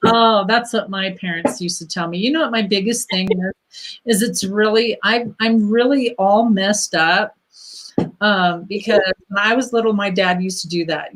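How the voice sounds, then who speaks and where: A woman's voice: medium pitch, steady tone, normal speed. A woman hosting a casual spiritual livestream, pulling cards for viewers and swearing freely. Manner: blunt, swears freely, laughs easily. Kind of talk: casual livestream chat, card reading.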